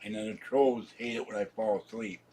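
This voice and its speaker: A man's voice: fairly low pitch, steady tone, fairly quick, dark tone, a little hiss or hum. A man in his seventies, drowsy and rambling as he chats casually to viewers on his live stream. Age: 70s. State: sleepy. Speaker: channel host.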